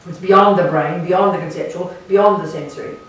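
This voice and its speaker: A Buddhist nun with a lowish voice gives a dharma talk to a retreat group at normal speed, blunt and emphatic, with sarcastic asides. It was recorded from a distance in an echoey meditation centre hall, with faint hiss.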